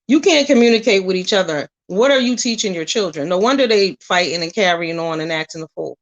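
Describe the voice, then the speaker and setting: A woman's voice: fairly low pitch, brisk, highs cut off. Blunt, profane woman ranting at the camera. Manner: blunt and profane, firing rhetorical questions; animated storytelling, drifting between loud and soft. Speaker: vlogger. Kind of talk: casual straight-to-camera rant.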